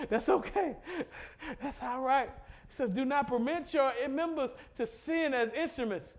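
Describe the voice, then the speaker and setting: High-voiced preacher man. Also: measured pace. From Mississippi, USA. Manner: call-and-response preaching that swells from low and quiet to loud and fervent. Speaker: pastor. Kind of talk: sermon.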